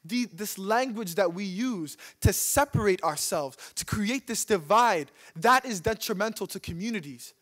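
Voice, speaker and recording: Impassioned young man with a high voice. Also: lively intonation, normal speed, hardly any pauses, a bit bright. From Canada. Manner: rhythmic and impassioned, repeating phrases for emphasis. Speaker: speaker at a public talk. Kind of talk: spoken-word poetry and personal storytelling talk. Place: stage before a live audience.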